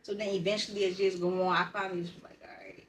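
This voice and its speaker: A woman's voice: mid-range voice, level tone, racing, fairly bright tone, slight background noise. A woman on a podcast, telling a painful story in a blunt, profane, emotionally raw way. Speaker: podcast co-host. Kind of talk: candid personal conversation. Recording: roomy sound, distant from the mic.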